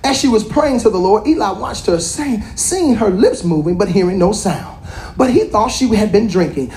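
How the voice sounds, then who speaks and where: A woman's voice: mid-range voice, expressive, moderate pace, mellow, slight background noise. A woman apostle preaching a sermon, emphatic and colloquial, speaking straight to her congregation.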